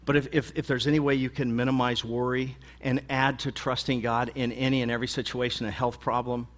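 A man's voice: mid-range voice, flat delivery, fairly quick. A man pastor preaching a sermon in a conversational, emphatic and folksy way.

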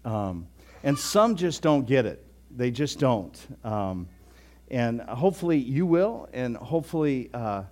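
A man's voice: mid-range voice, sing-song, measured pace, a little mellow. A man in his sixties, a pastor, giving a folksy, conversational sermon, often chuckling and restarting his sentences.

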